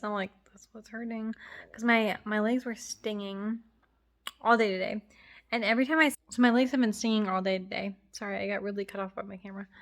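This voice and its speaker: A young woman chats casually to camera in a rambling, filler-heavy way, often restarting her sentences. Her voice sits at an ordinary middle pitch. A runny nose makes her sound a little congested. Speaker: vlogger.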